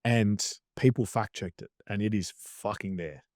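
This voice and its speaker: Blunt sweary Australian man, low voice. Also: unhurried, a little mellow, no echo, clean studio sound. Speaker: guest. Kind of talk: casual interview chat.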